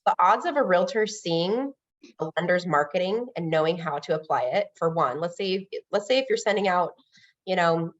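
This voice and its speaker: Energetic woman on lo-fi call audio. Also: on the low side, moderate pace. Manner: energetic, acts out quoted dialogue. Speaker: loan officer guest. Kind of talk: casual interview chat.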